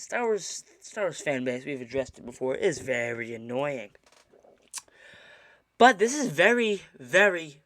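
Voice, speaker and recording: A man's voice: fairly high pitch, fairly bright tone, no echo. A man co-hosting a casual podcast, talking in mock-serious indignation with lots of stammered restarts. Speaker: podcast co-host. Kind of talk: casual chat.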